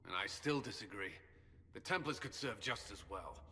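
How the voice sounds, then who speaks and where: A man's voice: lowish voice, animated, normal speed, pushed and bright. An actor playing a firm, argumentative male military commander and former soldier. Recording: reverberant game audio.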